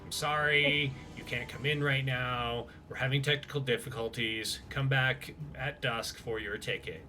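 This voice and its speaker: A man's voice: mid-range voice, steady tone, measured pace, sharp tone, soft background music. A man voicing a weary male goblin doorman at a carnival, rote and brusque.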